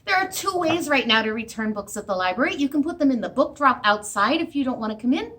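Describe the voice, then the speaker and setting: Female children's librarian, high and lively, bright sing-song storytime delivery. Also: fast talker. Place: library room.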